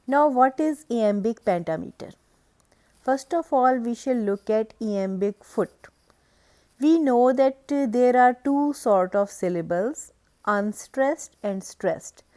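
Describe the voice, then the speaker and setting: Slow, mellow-voiced woman lecturing. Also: on the high side, animated. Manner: measured, explanatory, with hesitant fillers. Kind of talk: recorded lecture.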